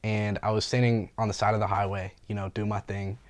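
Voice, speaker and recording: A man's voice: on the low side, a little fast, dry recording. Young man telling a profane, laughing story. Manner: animated, profane, laughs often, slangy. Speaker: graffiti artist and painter. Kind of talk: casual storytelling interview.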